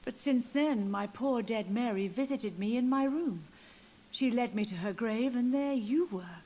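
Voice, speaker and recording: An actress voicing a grieving elderly mother who softly insists her living son is a ghost, in video game dialogue. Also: fairly high pitch, unhurried. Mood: mournful. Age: older. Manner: soft, tender, wistful. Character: grieving elderly mother, gently deluded, haunted. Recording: game audio with loud music behind.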